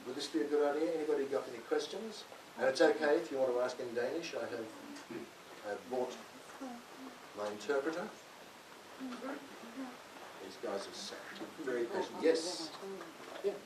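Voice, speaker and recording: A man's voice: a little high, very animated, moderate pace, pauses often. Older man in an echoey hall. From Australia. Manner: chatty, self-mocking, laughs often. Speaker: author speaking at a library event. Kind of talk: talk to an audience. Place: library hall. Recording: distant, echoey hall with hiss.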